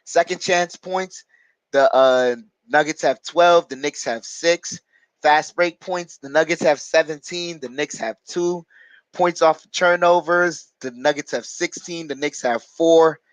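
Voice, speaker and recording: In this low-quality, echo-free clip, a man with a slightly high voice speaks a little slowly. He's hosting a live basketball watch-along stream, casually reading out viewer chat and answering it, chatty and hesitant with lots of fillers.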